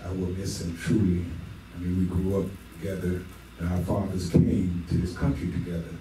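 A man with a fairly low voice tells warm, jovial stories at a memorial, often chuckling as he talks. He sounds far from the mic in a very reverberant hall. Clear background noise sits under his voice. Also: monotone, normal speed. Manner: jovial, laughing storyteller. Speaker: family friend giving a eulogy. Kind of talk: memorial speech. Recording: very echoey hall, distant mic, noisy.

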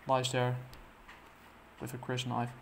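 A man casually recapping a comic book plot, halting and full of fillers and restarts. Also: mid-range voice, completely flat delivery, slight background noise.

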